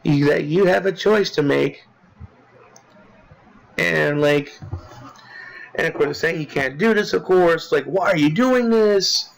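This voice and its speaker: A man casually recapping a game he played, rambling with lots of filler words and restarts, swearing as he gets excited. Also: on the high side, measured pace, vocal fry, pauses often, poor audio. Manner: profane, excitable. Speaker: gaming commentator.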